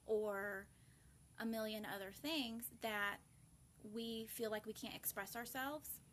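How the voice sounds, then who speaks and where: A woman's voice: medium pitch, fairly even intonation, moderate pace, fairly bright tone, slight background noise. A woman, hosting a casual live video and talking earnestly to viewers, with many fillers and restarts. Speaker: host of a grief support live video.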